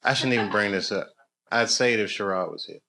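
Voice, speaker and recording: A man's voice: fairly low pitch, fast, gravelly, pushed and bright. A man doing stand-up crowd work on a comedy club stage, telling loose stories with lots of laughter and swearing. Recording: live club recording with crowd noise.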